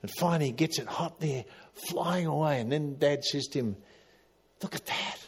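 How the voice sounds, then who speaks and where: A middle-aged man preaching a sermon, swinging from loud emphatic calls to quiet, low asides. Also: brisk, husky. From Australia. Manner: dramatic, rising to loud emphatic calls then dropping quiet. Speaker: pastor.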